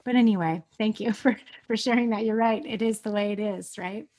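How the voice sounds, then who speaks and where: A woman's voice: medium pitch, steady tone, a little fast. Female host, 40s, mid voice, gushing and chatty. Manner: bubbly, gushing, warm fillers. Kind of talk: casual interview chat.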